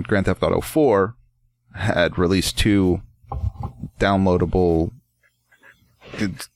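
A man's voice: low-pitched, no room sound. A man in casual chat, telling a rambling story with lots of swearing and laughter.

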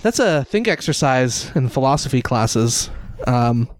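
A man's voice: medium pitch, sing-song, unhurried, dry recording. Dry-sounding male podcast co-host. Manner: conversational, musing, explains things. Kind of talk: casual comedic banter.

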